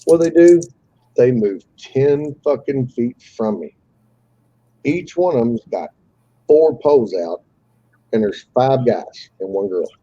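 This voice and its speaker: A man's voice: mid-range voice, animated, slow, dark tone, slightly rough, no room sound, lo-fi sound. A man telling a fishing story on a live call, casually and with animation, swearing freely and acting out the voices of the people he quotes.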